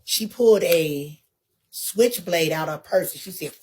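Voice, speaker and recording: A woman telling a story in a casual, animated way, laughing often and swearing freely. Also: lowish voice, a little slow, husky. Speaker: guest.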